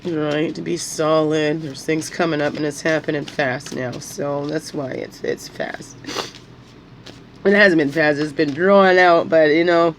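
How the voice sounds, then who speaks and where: A woman's voice: sits low, fairly even intonation, unhurried, slight background noise, rough recording. A woman talking through her feelings in an emotional, rambling monologue, at times crying and repeating her words as her voice rises. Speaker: spiritual guidance vlogger.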